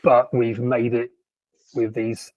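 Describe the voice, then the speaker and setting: A man co-hosts a casual podcast, talking in an animated, sardonic way and tripping over his own restarts. His voice sits at an ordinary pitch, recorded close and dry with no room sound. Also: takes it slowly, no echo, dull audio. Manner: animated, sardonic, stumbles through many restarts. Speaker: podcast co-host. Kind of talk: casual chat.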